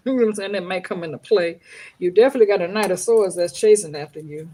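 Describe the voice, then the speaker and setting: A woman's voice: lowish voice, fast, dark tone, a little hiss or hum. A woman from the Bronx with a New York accent, reading tarot from home in a brash, profane, joking live-stream chat. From Bronx, New York City. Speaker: tarot reader.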